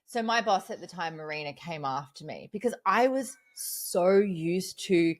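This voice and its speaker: A woman's voice: on the low side, expressive, unhurried. A woman in her thirties, a podcast guest, candidly retelling a personal breakdown with acted-out quotes and blunt swearing. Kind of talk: personal storytelling in conversation.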